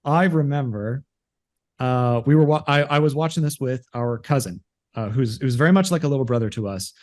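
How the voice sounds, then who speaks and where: A man's voice: mid-range voice, brisk. A man co-hosting a podcast, chatting casually and rambling with lots of restarts and acted-out quotes. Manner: rambling, animated, acts out movie lines. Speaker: podcast co-host. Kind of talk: casual chat.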